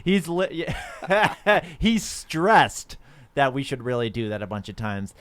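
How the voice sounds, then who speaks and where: A man's voice: medium pitch, big pitch swings, slow pace, fairly bright tone. A man co-hosting a casual comedy podcast, playful and teasing, scat-singing the intro. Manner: playful, scat-sings and teases co-hosts. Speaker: podcast co-host.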